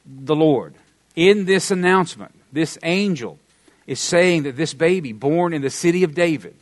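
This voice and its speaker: Middle-aged Southern American male pastor, emphatic sermon delivery, dry close sound. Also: no echo. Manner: emphatic preaching with wide swings in pitch and volume, Southern humor.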